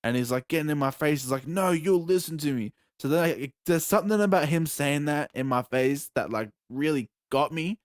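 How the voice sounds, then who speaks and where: A young Australian man, a podcast host, telling a story in casual chat, animated and profane, acting out moments with yelps. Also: a little high, fairly quick, hardly any pauses, dry recording, clean studio sound. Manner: animated, profane, acts out scenes with yelps and shouts.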